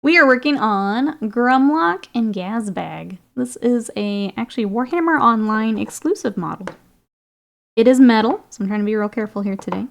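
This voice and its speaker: A woman's voice: a little high, expressive, moderate pace, vocal fry. A woman streaming while painting miniatures, chatting casually with viewers, reading their comments and laughing often. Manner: chatty, laughs often, reads and answers chat.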